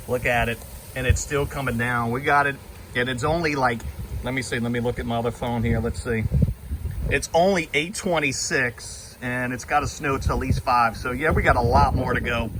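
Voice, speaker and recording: A man from Louisiana filming a casual vlog outdoors in the snow on a handheld phone, excited and laughing often. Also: mid-range voice, background noise. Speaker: vlogger. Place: outdoors in a snowy yard. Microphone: handheld phone camera.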